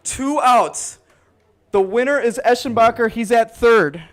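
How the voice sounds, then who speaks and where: Excitable high-voiced young baseball announcer. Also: male voice, unhurried. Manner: excitable, shouting at big plays. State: out of breath. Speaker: play-by-play announcer. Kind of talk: live baseball commentary.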